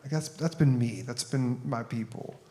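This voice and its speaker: A man addressing a conference audience in a relaxed, plain-spoken way. He talks like he is chatting with friends, moving easily into storytelling. His voice sits at an ordinary middle pitch. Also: moderate pace. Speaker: author and speaker. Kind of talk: conference talk.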